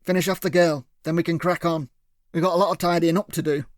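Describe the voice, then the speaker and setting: Man doing a smooth villain boss, patronizing, mid-high voice, dry audiobook sound. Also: steady tone, quick pace, no echo, lightly acted. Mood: coaxing. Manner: smooth, patronizing, calls others lad and son. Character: menacing villain boss, cool and coaxing.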